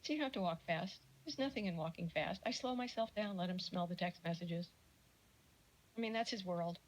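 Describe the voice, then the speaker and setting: A middle-aged woman giving a casual lecture on parenting, chatty and animated, with jokey asides and little acted-out quotes. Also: fairly low pitch, a little fast, low-quality recording. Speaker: speaker giving a talk on parenting.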